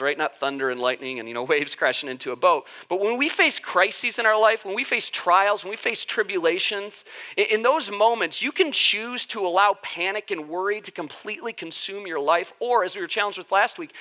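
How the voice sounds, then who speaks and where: Animated, bright-voiced male pastor. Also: high-pitched. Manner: joking, conversational, animated. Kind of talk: casual sermon. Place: church sanctuary.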